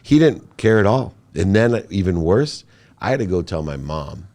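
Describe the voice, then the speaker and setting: A man who is a podcast guest, telling an emotional personal story in an interview with animated, emphatic delivery. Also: low voice, moderate pace.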